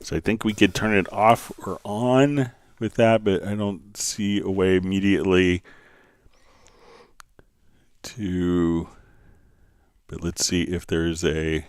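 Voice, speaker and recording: A man hosting a live software tutorial, answering viewer questions and thinking aloud as he clicks through menus. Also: low voice, fairly even intonation, slow pace, long pauses, clear, resonant tone. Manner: thinking aloud, many fillers.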